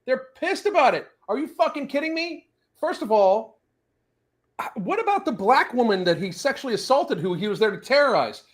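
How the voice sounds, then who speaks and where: Man, high-pitched and swinging, swears constantly as a casual podcast host. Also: a little fast. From US South. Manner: profane, animated ranting. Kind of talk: casual rant chat.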